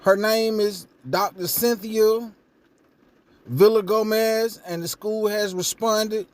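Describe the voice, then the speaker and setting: A man's voice: high voice, steady tone, slow pace. A young man hosting a casual reaction vlog, blunt and profane, his voice rising when he gets indignant. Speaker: commentary vlogger.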